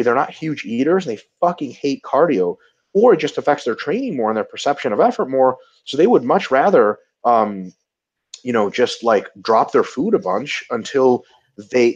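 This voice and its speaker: Man, webinar co-host, casual explaining, animated pitch, muffled low-fi sound. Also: husky. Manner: loose and conversational, many fillers and restarts. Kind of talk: casual webinar chat, explaining diet and training.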